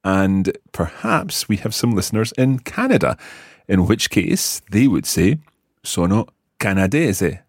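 A man's voice: lowish voice, big pitch swings, measured pace, vocal fry, slightly rough, no room sound, studio quality. A Scottish man hosting an audio language lesson, patiently enunciating words for learners to repeat. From Scotland. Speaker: language teacher, podcast host.

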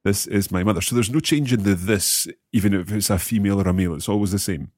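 A man's voice: fairly low pitch, fast talker, a little mellow, no room sound, studio quality. A man co-hosting a language lesson, curious, repeating phrases back and asking questions. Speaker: learner co-host of a language lesson. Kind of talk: casual teaching dialogue.

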